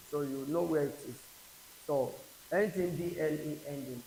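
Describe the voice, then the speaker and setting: A man with a Nigerian accent teaching an exam prep English class, slowly repeating each word aloud for drilling. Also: fairly high pitch, mellow. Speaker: English tutor. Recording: echoey classroom with faint hiss.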